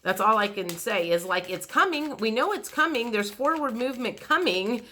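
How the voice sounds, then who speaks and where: A woman giving a tarot reading in a chatty way, repeating words and acting out the excited reactions she describes. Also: a little high, normal speed, slight background noise. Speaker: tarot reader. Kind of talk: intuitive tarot reading monologue.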